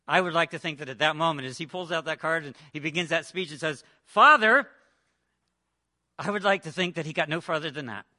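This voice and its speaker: A man preaching a sermon, retelling a parable with dramatic swings between loud and hushed delivery. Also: fairly high pitch, quick pace, hardly any pauses.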